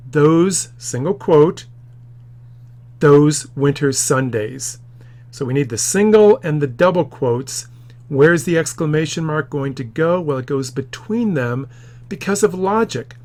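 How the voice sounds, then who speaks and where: A man in his office teaching a grammar tutorial, explaining patiently and acting out quoted lines with the odd loud shout. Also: on the high side.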